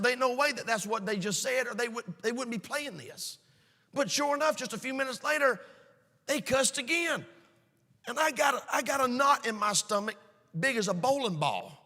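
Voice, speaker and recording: High, bright preacher. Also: male voice, long reverb tail. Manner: emphatic, swings between shouts and hushed asides. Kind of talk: sermon. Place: church sanctuary.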